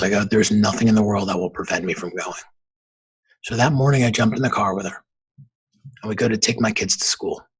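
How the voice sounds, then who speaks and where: A man's voice: lowish voice, fairly bright tone, husky, poor audio. A man in his forties, a podcast guest, telling a personal story in an earnest, emphatic way.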